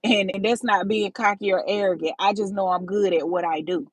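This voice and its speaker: A woman's voice: medium pitch, steady tone, brisk, no echo, poor audio. Woman on a phone livestream, dry sound. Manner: talks straight to viewers, calls them baby and y'all. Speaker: livestream host. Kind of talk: casual livestream chat.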